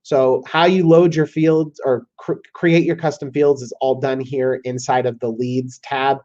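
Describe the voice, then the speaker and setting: A man with a Southern American accent walking viewers through a software tool in a casual screen-share tutorial, often checking in with "okay?". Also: mid-range voice. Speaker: software demo presenter. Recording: slightly dull lo-fi audio.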